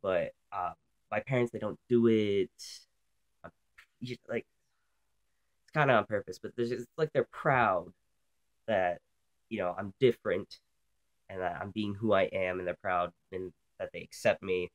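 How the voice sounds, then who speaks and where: A man's voice: fairly low pitch, measured pace, pauses often. A young man from Canada, hosting a casual vlog while sick, talking bluntly and profanely with lots of ums. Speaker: vlog host.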